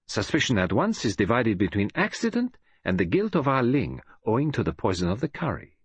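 A man narrates an audiobook in a slightly husky voice. His pitch moves in a lively, expressive way, and he reads close to the mic in a dry, dead room. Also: dry recording. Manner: expressive, measured storytelling. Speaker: audiobook reader. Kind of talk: scripted narration.

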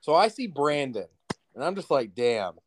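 A young man co-hosting a podcast, telling a story in casual, profane, animated chat. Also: a little high, normal speed, a little hiss or hum. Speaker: podcast co-host. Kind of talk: casual storytelling over beers.

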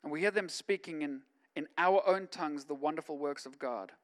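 A man, a pastor, preaching a sermon in a conversational way that swings from quiet asides to loud, emphatic stretches. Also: fairly high pitch, a little fast.

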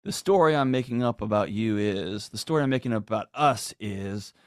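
A middle-aged man appears as a guest on a conversational podcast, speaking earnestly and emphatically and acting out quoted lines as he goes. His voice is on the low side, expressive and a little fast, with clean studio sound and no room sound.

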